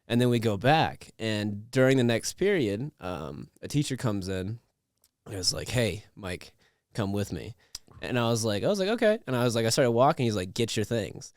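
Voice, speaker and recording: A man's voice: medium pitch, very animated, a little fast, dry recording, studio quality. A young man, hosting a podcast and telling a rambling, laughing story full of restarts and fillers. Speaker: podcast host. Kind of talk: casual storytelling chat.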